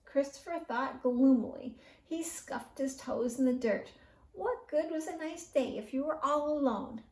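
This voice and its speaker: A woman reading a children's bedtime story aloud in an expressive storyteller's manner. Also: high voice, far from the mic. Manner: slow, expressive read-aloud. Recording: roomy echo.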